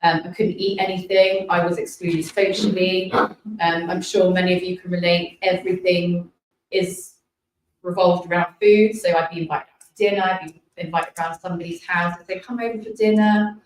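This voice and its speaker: A British woman in her thirties telling her personal health story in an emotional, halting way, often apologizing as she talks. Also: fairly low pitch, flat delivery. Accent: British English. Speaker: guest sharing a healing story. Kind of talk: personal testimony. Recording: echoey distant room sound.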